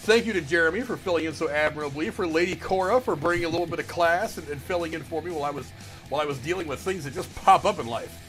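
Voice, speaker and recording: Male podcast host, quick delivery, chatty, with loose restarts. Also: a little high, fairly bright tone, faint music behind. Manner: chatty, laughs easily, many restarts. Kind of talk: casual movie review chat.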